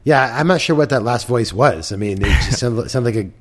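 A man's voice: mid-range voice, lively intonation, brisk. A man co-hosting a podcast, bantering dryly with his partner. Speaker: podcast co-host.

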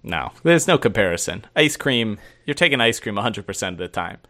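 A man's voice: on the low side, sing-song, a little fast, a bit bright. Wry man reading listener mail. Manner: wry, laughs while reading aloud. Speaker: podcast co-host. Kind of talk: casual podcast chat, reading listener submissions.

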